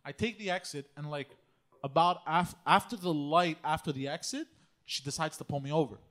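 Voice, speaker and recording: A man's voice: fairly high pitch, brisk, a bit bright. A man on a podcast telling a rambling anecdote in casual talk, with restarts and swearing. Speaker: podcast co-host.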